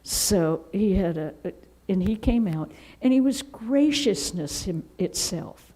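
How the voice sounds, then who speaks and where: A woman from Seattle who is a nun, telling lively anecdotes in an interview and acting out quotes. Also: medium pitch, slow pace, rough recording. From Seattle, United States. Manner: animated, with laughter and acted-out quotes. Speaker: Vedanta nun.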